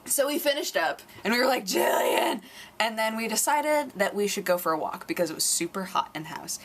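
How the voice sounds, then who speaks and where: A young woman telling a casual story on her vlog, animated and acting out quotes in squeaky voices. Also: quick pace. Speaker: vlogger.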